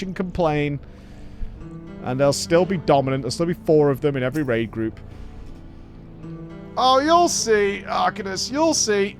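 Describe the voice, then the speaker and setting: Lively, joking male game streamer. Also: on the high side. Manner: lively, joking, swearing, cheering on teammates. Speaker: streamer playing an online game. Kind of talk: casual gaming stream chatter.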